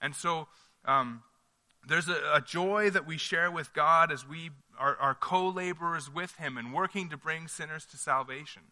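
Casting: earnest male pastor, conversational sermon, higher voice, bright ringing tone. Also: moderate pace, hardly any pauses, big-room sound. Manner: earnest, conversational, frequent restarts.

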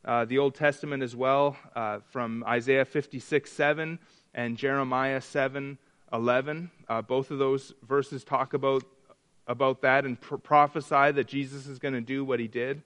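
A man teaching a Bible study, often stumbling and restarting, sometimes acting out quoted voices with rising excitement. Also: medium pitch. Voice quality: halting, repeats words and restarts often. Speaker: pastor.

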